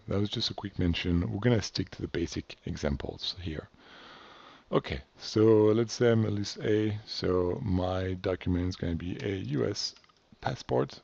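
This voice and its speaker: Man from France, very low voice, gravelly fry, husky tone, dull lo-fi sound, offhand tutorial talk. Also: darkish tone. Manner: loose and offhand, many fillers and self-corrections. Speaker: instructor. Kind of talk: casual screen-share tutorial.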